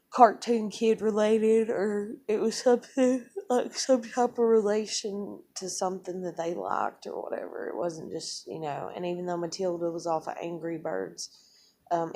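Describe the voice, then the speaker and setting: A woman's voice: on the low side, dark tone. A young adult woman telling a long, rambling personal story in a casual way, swearing a lot and acting out what she said to people. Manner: rambling, swears often, tells events through quoted speech.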